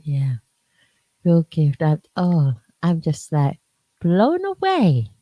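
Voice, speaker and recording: A woman's voice: deep voice, wildly swooping pitch, takes it slowly, no room sound, muffled recording. A woman from the UK with a South London accent, hosting a casual radio interview and gushing with praise for her guest. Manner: warm gushing praise, frequent laughter. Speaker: radio host.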